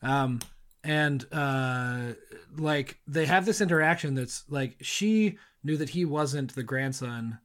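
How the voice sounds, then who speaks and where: A man's voice: medium pitch, expressive, slow, fairly bright tone. A man hosting a podcast in casual chat, rambling with fillers and frequent laughter. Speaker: podcast host.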